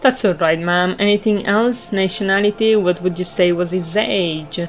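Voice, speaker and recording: Blunt male cop in a game, voiced by a woman; lowish, direct, asks short questions. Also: normal speed, lightly acted. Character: blunt, probing male police detective.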